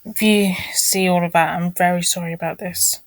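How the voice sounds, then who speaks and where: A woman's voice: fairly low pitch, fairly even intonation, normal speed, no echo, poor audio. A woman vlogging casually, talking through her screen, apologizing often and muttering irritated asides under her breath.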